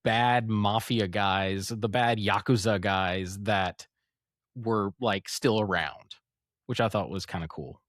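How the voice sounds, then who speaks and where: Low guy on a comics podcast, dry close mic, keeps acting out scenes and laughing. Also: slow, no echo. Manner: animated retelling, acts out quotes, laughs often. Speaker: podcast co-host. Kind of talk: casual comic review chat.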